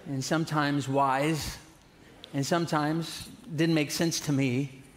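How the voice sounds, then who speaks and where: A man's voice: on the high side, steady tone, slow pace, long reverb tail, slight background noise. A man preaching a sermon, telling a personal story in a candid, conversational way. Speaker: guest preacher. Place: church sanctuary.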